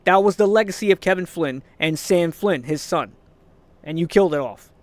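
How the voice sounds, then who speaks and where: A man's voice: high voice, normal speed, no room sound. Frustrated man ranting, dry close sound. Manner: frustrated, swearing, rambling with restarts and laughs. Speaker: vlogger. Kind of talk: casual ranting monologue.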